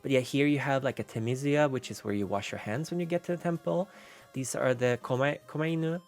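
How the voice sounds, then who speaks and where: A man's voice: medium pitch, fairly quick, soft background music. A man streaming as a VTuber, chatting casually and rambling, with many fillers and restarts. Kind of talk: casual livestream chat.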